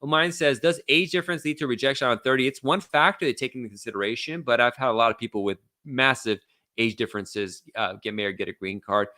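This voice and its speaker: A man hosts a live question-and-answer stream as an immigration lawyer, reading out viewer questions and answering them casually and bluntly. His voice is bright and a little tense. The sound is dry and close, with no room echo. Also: medium pitch, quick pace.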